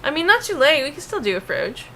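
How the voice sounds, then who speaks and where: A woman from the Pacific Northwest with a creaky voice, chatting casually and reading chat aloud while drawing on a stream. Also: high voice, big pitch swings, fast talker, sharp tone, a little hiss or hum, low-quality recording. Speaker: art stream co-host.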